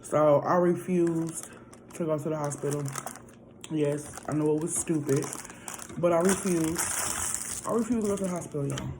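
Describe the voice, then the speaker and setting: A woman's voice: low-pitched, a little fast, background noise. A woman vlogger telling a story in a casual, chatty way, often calling out to her viewers directly. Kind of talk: casual storytime while eating.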